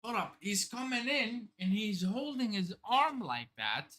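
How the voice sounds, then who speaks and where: A woman's voice: mid-range voice, big pitch swings, a little slow, a bit bright. A woman hosting a live manga reaction stream, thinking aloud, exclaiming, swearing and laughing as she reads. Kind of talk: excited live reaction commentary.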